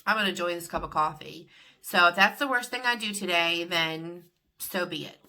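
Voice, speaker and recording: A woman's voice: on the low side, normal speed, bright, forceful tone. A middle-aged woman vlogging in a chatty, rambling way about her week. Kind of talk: casual confessional vlog.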